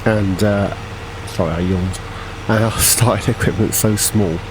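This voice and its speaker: Male gamer, casual rambling commentary, lowish voice, faint background noise. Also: fairly even intonation, measured pace. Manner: chatty, rambling, self-correcting. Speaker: gaming channel host. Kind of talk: casual farming game commentary.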